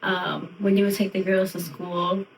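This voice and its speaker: A woman in her thirties tells stories in animated casual chat and laughs often. She sounds a bit away from the mic, with the room echoing around her voice. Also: medium pitch, measured pace, a little hiss or hum. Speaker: podcast co-host. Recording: roomy and distant from mic.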